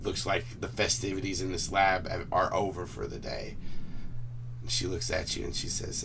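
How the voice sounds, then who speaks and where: Laid-back male game master with a low, bright voice, a bit off-mic. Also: lively intonation, normal speed, creaky. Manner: laid-back, hesitant narration with fillers. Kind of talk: narrating a tabletop game. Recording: distant mic with faint noise.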